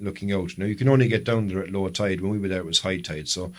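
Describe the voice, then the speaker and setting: An Irish podcast co-host with a fairly low voice, talking in a relaxed, casual way. He tells long, winding anecdotes and keeps backtracking to fix details mid-sentence. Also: fast talker. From Ireland. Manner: long rambling storytelling with self-corrections. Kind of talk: casual chat.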